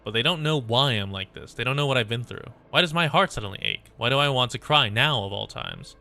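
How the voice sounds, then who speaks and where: A man voicing a quiet, intense young girl fighter, reading her lines in a calm, questioning way. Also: medium pitch, fairly quick, creaky, soft background music. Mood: earnest.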